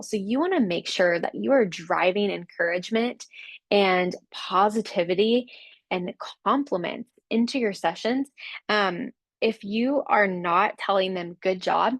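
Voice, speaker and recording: A woman's voice: medium pitch, dry recording. A woman giving an upbeat, encouraging talk that coaches fitness instructors, often acting out quotes from clients. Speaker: Pilates business coach.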